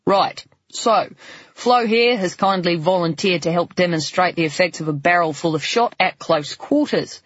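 A brisk shooting instructor gives orders in a measured, deadpan way, as a male narrator voices him. The voice is a little husky, and the recording is dull and dry. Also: high voice, dry recording. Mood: instructing.

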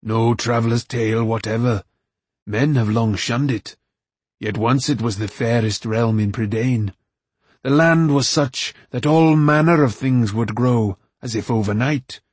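A man voicing a patient, fatherly old male farmer who speaks with dry wryness and a husky tone. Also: medium pitch, unhurried, no room sound. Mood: earnest.

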